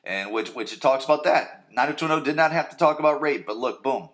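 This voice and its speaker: A man's voice: mid-range voice, lively intonation, fast, a bit bright. A man hosting a podcast, casually recapping a TV episode in a rambling, crude way and often checking in with "right?". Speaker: podcast host.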